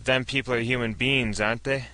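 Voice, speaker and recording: A man's voice: mid-range voice, steady tone, brisk, pushed and bright, natural voice. A man doing a weary, folksy small-town sheriff. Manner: folksy, plain-spoken.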